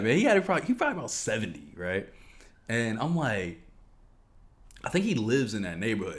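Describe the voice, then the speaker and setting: Animated young man telling a story. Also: medium pitch. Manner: animated, profane storytelling, acts out quotes. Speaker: podcast co-host. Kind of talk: casual storytelling chat.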